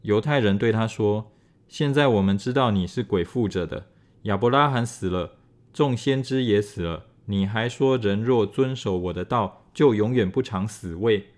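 In a rather low voice, a man recites scripture at a measured, unvarying pace.

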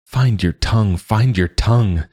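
Man voicing a choked-up desperate prisoner, words sputtering out, pitch pushed up from a deep voice. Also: measured pace, dark tone, breathy edge, no room sound, studio quality. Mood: desperate choking. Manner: choked, spluttering, pleading. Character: desperate captive man struggling to speak.

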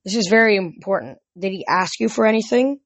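A woman's voice: mid-range voice, a little fast, no echo, close to an everyday voice. A woman doing an urgent, intense teenage boy.

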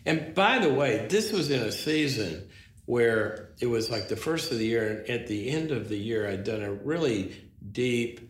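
A man's voice: medium pitch, normal speed. A man, a psychologist, telling a story in conversation, acting out the dialogue and often restarting his sentences. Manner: animated, acts out dialogue, frequent restarts. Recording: roomy with faint noise.

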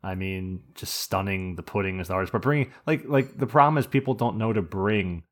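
A man's voice: low voice, brisk. A man co-hosting a casual gaming podcast, rambling and swearing as he talks through game strategy. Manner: rambling, profane, joking. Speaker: podcast co-host.

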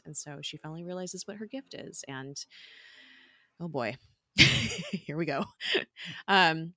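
A woman's voice: low-pitched, fairly bright tone, dry recording, studio quality. A young adult woman co-hosting a podcast, chatting casually, laughing often and retelling scenes with quoted lines. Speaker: podcast co-host. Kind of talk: casual podcast recap chat.

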